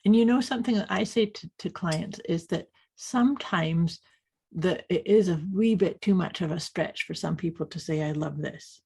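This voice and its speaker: A woman's voice: fairly low pitch, moderate pace, vocal fry, mellow, husky. A woman co-hosting a casual chat podcast as a coach, affirming and agreeing often. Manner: affirming, frequent agreeing interjections.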